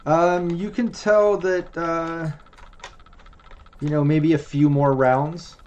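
A man's voice: on the high side, slow, highs cut off. A man narrating as game master of a tabletop role-playing game, with lots of ums and uhs. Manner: relaxed, filler-heavy narration.

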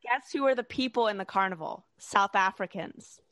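A woman's voice: medium pitch, normal speed, a bit bright, no echo. A woman co-hosting a podcast, chiming in with playful, teasing remarks. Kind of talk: casual chat.

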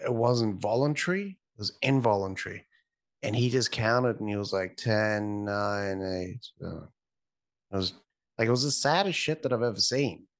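Blunt, deadpan man in his thirties. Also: on the low side. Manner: blunt, profane, deadpan asides. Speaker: podcast co-host. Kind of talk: casual chat.

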